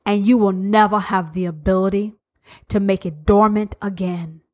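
A woman's voice: medium pitch, steady tone, moderate pace, a little mellow. A woman hosting a podcast, talking straight to her listeners in a blunt, profane monologue that leans on repetition. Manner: profane, emphatic and repetitive, addressing listeners directly. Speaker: podcast host.

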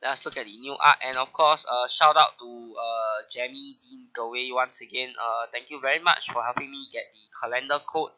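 A man's voice: mid-range voice, fairly even intonation, moderate pace, few pauses, bright, forceful tone, lo-fi sound. A man hosting a casual gaming video, sick with a bad flu, his voice nasal, talking through update notes with frequent "uh" fillers. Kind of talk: casual game update commentary.

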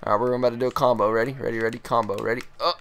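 A young man swearing and yelling while commentating his own fighting game, sometimes calming himself down. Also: mid-range voice, rapid-fire, smooth. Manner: profane, yelling and groaning at the game. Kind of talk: live gameplay commentary.

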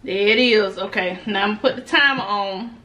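With a mid-range, bright and forceful voice and a brisk pace, this woman films a casual mukbang vlog. She chats with her viewers nervously, full of giggly energy and frequent laughter.

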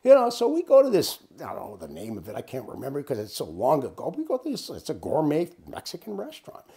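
Gravelly man telling a lively anecdote. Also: quick pace. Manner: animated, swears freely, wide swings in pitch. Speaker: storyteller.

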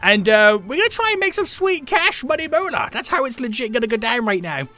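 A young man hosts a live game stream with hyped, joking energy. His pitch swings widely from phrase to phrase, and his tone is bright and forceful. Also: a little fast, soft background music. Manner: hyped, jokey, animated, greets chat members.

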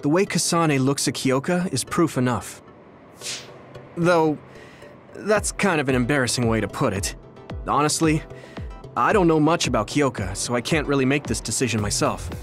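Guy doing earnest young game hero, steady sincere talk, music in the back. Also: medium pitch, moderate pace, natural voice. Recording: game audio with music behind.

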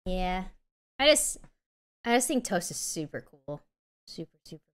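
A woman's voice: lowish voice, very animated, measured pace. A young woman streamer chatting casually on a livestream, teary and emotional, gushing and rambling with lots of fillers.

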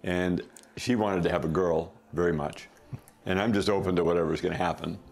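A middle-aged man casually telling a family story as a podcast guest, chuckling often and throwing in quick asides. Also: sits low, steady tone, a little mellow, soft background music.

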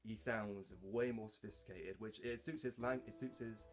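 A man talking casually about his hobby voice work, halting, with lots of fillers and restarts. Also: lowish voice, steady tone, soft background music. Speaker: hobby voice actor. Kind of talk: casual talk to camera.

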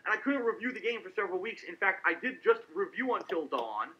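A man's voice: high voice, sing-song, fast talker, sharp tone, slight background noise. A man talking on a live stream as a game reviewer, rambling and restarting his sentences. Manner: rambling, talks over himself with restarts. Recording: lo-fi stream audio.

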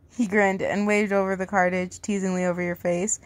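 A woman's voice: medium pitch, level tone, fairly quick, hardly any pauses, no echo. Outspoken woman reading fan fiction aloud. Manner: casual, outspoken, reacts loudly with swearing. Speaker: story reader.

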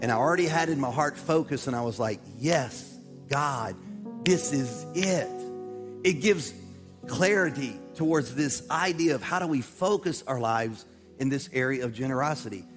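A man, the church's pastor, introducing a guest speaker to his congregation in an energetic, rallying way. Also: medium pitch, a little fast. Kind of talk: sermon introduction. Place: large church auditorium. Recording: long reverb in a church hall. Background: music playing.

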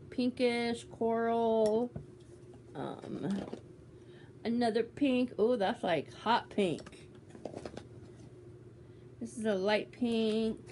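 A woman's voice: fairly high pitch, a little mellow, slight background noise. A woman vlogging casually as she unboxes a gift swap, bubbly and teasing as she exclaims over each item. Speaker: beauty vlogger.

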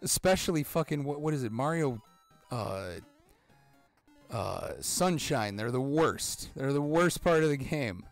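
A man in his thirties hosting a let's-play, excitable and rambling, swearing often and breaking into sudden yelps. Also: medium pitch, a little slow, vocal fry, faint music behind. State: out of breath. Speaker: gaming channel host.

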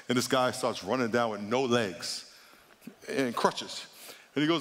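Male pastor, mid-pitched, animated sermon delivery, long church-hall reverb. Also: measured pace, long pauses. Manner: animated preaching, voice jumps high for mock voices. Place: large church auditorium.

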